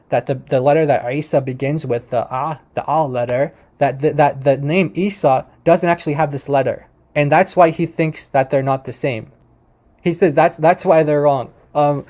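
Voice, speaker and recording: A man's voice: fairly high pitch, darkish tone. A man giving casual commentary on debate clips, rambling with many restarts and fillers, and chuckling now and then. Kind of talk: casual commentary over a screen share.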